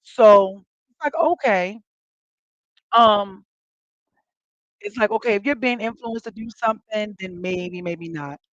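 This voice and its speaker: A woman's voice: mid-range voice, measured pace, long pauses, no room sound, highs cut off. A woman hosting a casual chat with her audience, telling stories animatedly and acting out quoted lines with big jumps in her voice. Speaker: host.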